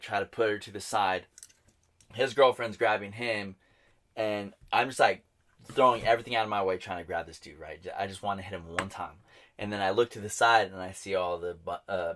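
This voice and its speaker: A man co-hosting a podcast, telling a bar fight story in casual chat, swearing and acting out what people said. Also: fairly low pitch. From New Mexico, US. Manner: animated, swearing, acts out quotes. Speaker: podcast co-host.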